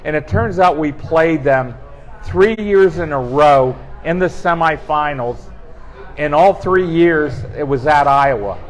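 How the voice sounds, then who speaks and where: A man telling animated, funny anecdotes in a casual chat, acting out quoted dialogue. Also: fairly high pitch, low-quality recording. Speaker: guest storyteller on team talk show. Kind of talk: casual storytelling.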